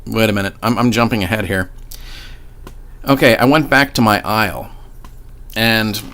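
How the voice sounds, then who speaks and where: A man's voice: lowish voice, moderate pace, a bit bright. A man casually telling a personal paranormal story in a rambling, profane way, often restarting his sentences. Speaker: vlogger.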